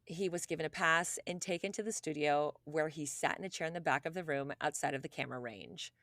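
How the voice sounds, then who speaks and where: Animated, profane woman podcast host. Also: low voice, fairly quick, no room sound, clean studio sound. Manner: animated, profane, lots of "like", acts out quoted people. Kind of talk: casual chat, storytelling a true case.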